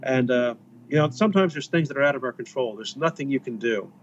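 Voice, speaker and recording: A man's voice: medium pitch, fast talker, slight background noise. A man, a missionary author from the United States, telling stories in a rambling, casual way in an interview. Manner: rambling, animated when retelling. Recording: slightly dull lo-fi audio.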